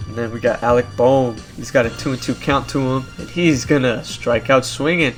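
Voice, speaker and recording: A young man giving casual play-by-play commentary over a video game baseball league, animated and climbing into shouts at big plays. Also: mid-range voice, normal speed, faint music behind.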